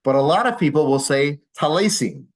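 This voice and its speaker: A man's voice: on the high side, animated, a little fast, rough recording. A male rabbi giving an informal class to a live audience, explaining patiently with dry humor and many small fillers. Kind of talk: informal lecture with audience questions.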